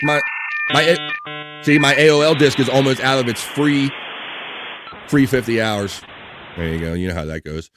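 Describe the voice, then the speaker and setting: A man's voice: medium pitch, normal speed, noisy background. A man hosting a live stream, chatting casually and reading viewer messages aloud in an upbeat way. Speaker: livestream host.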